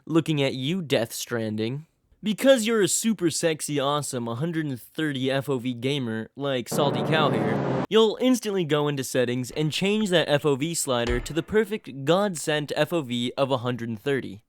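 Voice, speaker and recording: A man's voice: medium pitch, expressive, moderate pace, few pauses, a little hiss or hum. A young man giving a comedic, scripted video game review voice-over, full of sarcastic hype and crude jokes.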